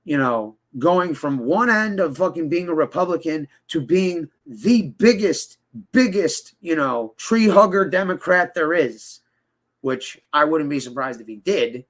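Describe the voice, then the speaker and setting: A man's voice: fairly high pitch, animated, measured pace. A man giving a casual interview, rambling and heated, swearing often and mimicking other people in quoted voices. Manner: profane, rambling, heated, many fillers and restarts.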